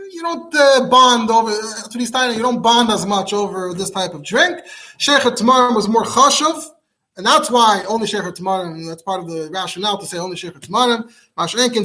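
A man teaching a rabbinic law class, reading Hebrew sources aloud and explaining them in quick, animated English. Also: sits high. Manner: fast and animated, mixing English with Hebrew text. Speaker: rabbi giving a Talmud class. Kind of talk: Torah class lecture.

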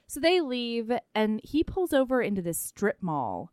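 A woman in casual conversation, sarcastic and freely profane, breaking into laughter now and then. Her pitch sits a little high and swings widely as she talks. The sound is dry and close, with no room around it. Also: big pitch swings, measured pace, darkish tone, smooth, dry recording. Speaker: podcast co-host. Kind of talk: casual chat.

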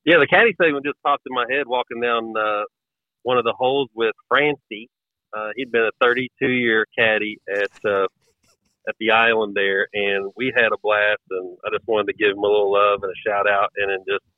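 A man's voice: on the low side, no echo. A man from West Virginia with an Appalachian accent, chatting casually as a guest and telling rambling, folksy stories. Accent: Appalachian American. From West Virginia, USA. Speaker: podcast guest. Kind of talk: casual chat. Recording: tinny phone-like line.

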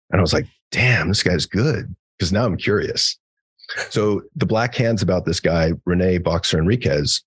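A man's voice: low-pitched, slightly rough, no echo. A man, a psychologist guest on a podcast, telling stories in a casual conversational way, acting out quoted dialogue and swearing now and then. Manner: frequent fillers and restarts, casual swearing.

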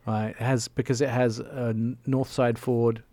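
A man's voice: mid-range voice, little pitch movement, unhurried, mellow, dry recording. A man hosting a radio show, chatting casually and enthusiastically, with jokey asides.

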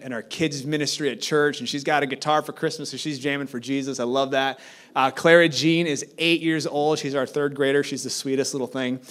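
Guy in his 30s giving his testimony at church, storytelling, gets animated. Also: mid-range voice. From South Korea. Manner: storytelling, animated when excited, soft in prayerful parts. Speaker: guest speaker. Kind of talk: testimony sermon.

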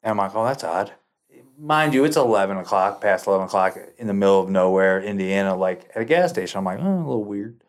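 A man's voice: sits low, quick pace. A man, a podcast guest telling a long story casually, with lots of swearing and acted-out quotes. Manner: profane, animated, acts out quoted lines.

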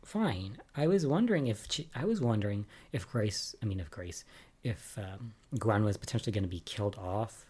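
A man's voice: on the low side, lively intonation, normal speed, a little mellow, slightly rough. A man giving a casual, chatty recap of soap opera episodes, with lots of "um" and "like" and amused asides.

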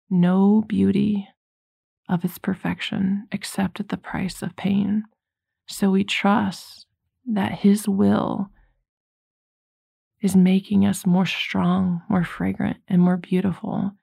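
A woman giving an earnest, conversational faith talk, mixing scripture with personal stories and getting animated when she acts out her own thoughts. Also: mid-range voice, slow pace, gravelly, no echo, studio quality. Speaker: Christian speaker.

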